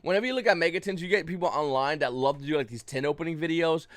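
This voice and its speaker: A man's voice: a little high, very fast, a bit bright. A young adult man giving casual market commentary on camera, blunt and profane, flaring up into agitated rants. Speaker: YouTube card game market commentator.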